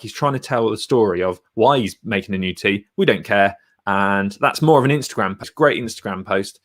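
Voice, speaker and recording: A man's voice: lowish voice, fairly bright tone. A man giving a casual screen-share tutorial on video thumbnails, chatty and blunt as he clicks through pages. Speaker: YouTuber reviewing thumbnails.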